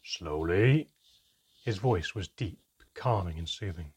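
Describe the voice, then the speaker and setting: A man reading a story aloud in measured, even scripted narration. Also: low-pitched, a little hiss or hum. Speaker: audiobook narrator.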